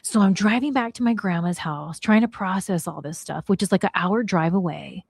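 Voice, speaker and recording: A middle-aged woman casually telling a story on her podcast, slangy and animated, acting out the people she quotes. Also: mid-range voice, normal speed, vocal fry, slightly rough, dry recording. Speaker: podcast host.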